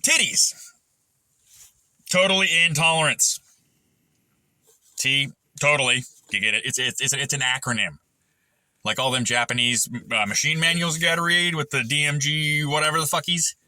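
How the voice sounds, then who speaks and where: A middle-aged machinist vlogger rambles through a crude, profane monologue, swearing constantly and jumping from tangent to tangent. His voice is on the high side and sharp, at a normal speed, with no room sound.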